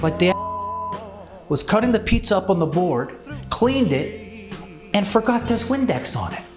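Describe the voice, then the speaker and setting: A man's voice: on the high side, roomy sound. A man playing an arrogant, foul-mouthed rich father in a comedy prank, boastful and ranting.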